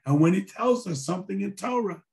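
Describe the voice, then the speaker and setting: A hoarse man who is a rabbi lectures in a relaxed, conversational way, slipping in dry jokes as he tells a story. His voice sits a little high for a man. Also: fairly quick. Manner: conversational and wry, with dry humor. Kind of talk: sermon-style lecture with storytelling.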